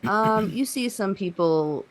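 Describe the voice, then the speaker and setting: A woman's voice: medium pitch, expressive, slow pace. A woman game master who narrates a tabletop role-playing game casually, with many fillers.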